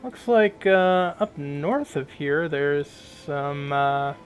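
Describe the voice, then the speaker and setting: A man casually commentating as he plays a role-playing game, softly and with many pauses. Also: on the high side, expressive, a little hiss or hum, low-quality recording. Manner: soft-spoken, hesitant with fillers. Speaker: let's play host.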